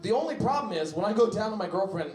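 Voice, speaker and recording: A man's voice: sits high, animated, quick pace. A man performing a brash, profane stand-up comedy set in a small comedy club. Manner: brash, profane, mimics other people's voices. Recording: echoey club with loud noise. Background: audience laughter.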